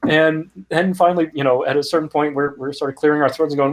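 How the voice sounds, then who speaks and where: A middle-aged man with a fairly high voice talks as an interview guest. He tells long anecdotes in a lively way and acts out the voices of the people in them. He sounds like he is on a video call. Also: fast talker, hardly any pauses. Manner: animated anecdotes with quoted voices and laughs. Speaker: guest, music startup founder. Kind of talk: conversational storytelling.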